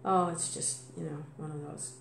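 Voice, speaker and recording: A woman's voice: low-pitched, fairly even intonation, moderate pace, vocal fry. An older woman in a casual spiritual talk, emotional and exclaiming, laughing often. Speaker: devotee sharing reflections. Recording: roomy with faint background noise.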